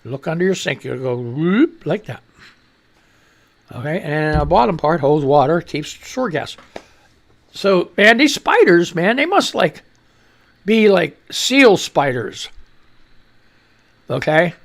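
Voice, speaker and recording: A male radio host rambling through the news, reading items aloud and spinning off into jokey tangents. His voice sits high for a man, with a gravelly rasp and wide swings in pitch. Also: very animated, slow pace, long pauses. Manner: rambling, joking, reads headlines and posts aloud. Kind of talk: rambling comedic news commentary.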